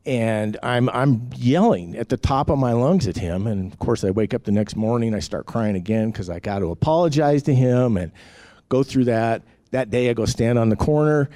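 A man's voice: mid-range voice, expressive, moderate pace, dark tone, dry recording, clean studio sound. A man giving a rambling, candid personal testimony, full of fillers and restarts. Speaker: testimony speaker.

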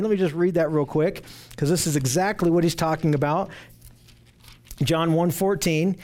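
A man teaching through Bible passages verse by verse, earnest and emphatic, repeating phrases for stress and reading scripture aloud slowly. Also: high voice, darkish tone.

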